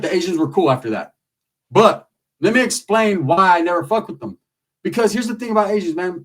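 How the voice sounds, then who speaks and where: A man's voice: fairly high pitch, recorded from a distance. A man telling a profane, comedic street story in loose slang, acting out the people in it. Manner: loose street slang, animated with lots of acted quotes.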